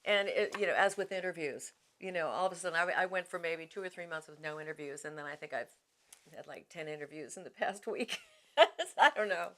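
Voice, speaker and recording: A woman's voice: lowish voice, expressive, a little fast, a bit bright. A middle-aged woman voice actor answering interview questions in a chatty, self-deprecating way, often restarting her sentences.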